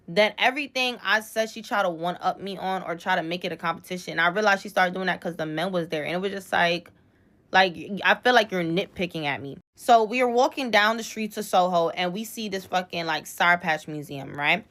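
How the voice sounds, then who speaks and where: A woman of about twenty telling a story to camera in casual talk, animated and full of swearing. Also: mid-range voice, a little fast. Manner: animated, profane, indignant.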